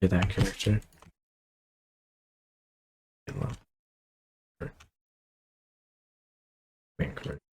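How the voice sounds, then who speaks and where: Guy with a really low voice rambling thru his strategy game, bit of faint hiss behind. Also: sing-song, very slow, pauses often. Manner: thinks aloud, rambling with fillers and asides. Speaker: gameplay commentator. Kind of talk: casual strategy game let's play commentary.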